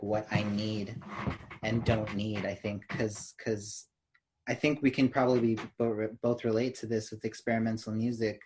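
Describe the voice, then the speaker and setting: A man's voice: fairly low pitch, darkish tone. A man, a performing musician, speaking thoughtfully with frequent hesitations in a casual radio chat.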